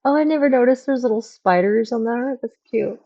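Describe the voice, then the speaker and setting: A woman's voice: a little high, a little fast, mellow, dull audio. A young woman streaming a game, chatting casually and rambling with lots of fillers. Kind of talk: casual gameplay commentary.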